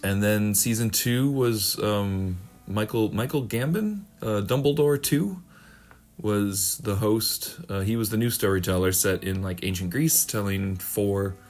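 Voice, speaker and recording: A male podcast host with a very low, deep voice. He talks casually and rambles, loses his thread, restarts, and drops a swear word now and then. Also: a little slow, a little mellow. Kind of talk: casual chat.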